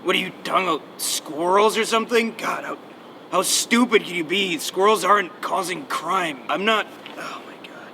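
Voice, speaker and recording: A man playing a brooding costumed vigilante in a comedy sketch, with a growled, gravelly voice and a grim, self-serious delivery, recorded outdoors at night. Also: high-pitched, normal speed, bright, forceful tone, slight background noise. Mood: indignant.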